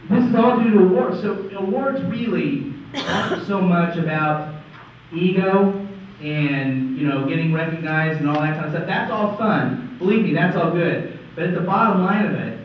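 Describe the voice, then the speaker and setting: A man's voice: sits high, lively intonation, normal speed, a little hiss or hum. A man giving a conference talk in a wry, conversational way, often checking in with "right?". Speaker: conference presenter. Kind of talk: lively stage presentation. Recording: echoey hall, far-off dull mic.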